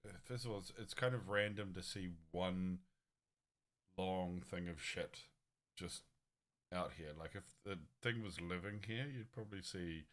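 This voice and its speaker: A man's voice: low-pitched, a little slow, fairly bright tone. A man playing a tabletop game, chatting in a rambling, joking way. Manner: rambling, joking, laughs often. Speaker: player. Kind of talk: casual chat during a tabletop game.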